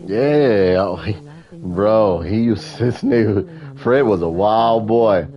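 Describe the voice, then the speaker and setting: A man hosting a gaming video, telling stories in a casual, animated, profane way. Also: lowish voice, slow pace, dull audio. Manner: animated, profane, chuckling storyteller. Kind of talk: casual storytelling during gameplay.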